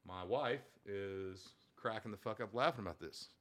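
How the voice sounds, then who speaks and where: A man's voice: sits low, normal speed, few pauses, fairly bright tone. A man in his thirties telling crude stories about his kids in a casual chat, cursing freely. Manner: profane storyteller, swears constantly.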